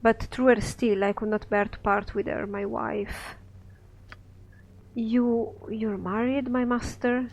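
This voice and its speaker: A cold, sorrowful ancient wizard, read aloud by a man in his own voice, speaking in solemn, measured verse. The voice sits fairly high. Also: flat delivery, vocal fry, heavily acted, low-quality recording. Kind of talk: reading a scripted play aloud.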